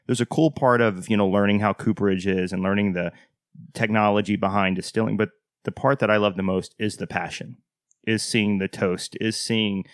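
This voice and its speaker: Male co-host, low pitch, dry sound, keen and earnest. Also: steady tone, moderate pace, no echo. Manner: enthusiastic, earnest. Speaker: podcast co-host. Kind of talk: interview chat.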